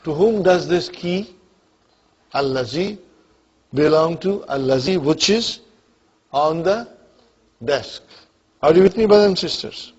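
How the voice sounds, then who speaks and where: A man's voice: on the high side, expressive, a little slow, long pauses, a little mellow, husky, dull audio. A man teaching an Arabic grammar class, often asking whether students follow and calling on them by name. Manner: checks understanding often, calls on students by name.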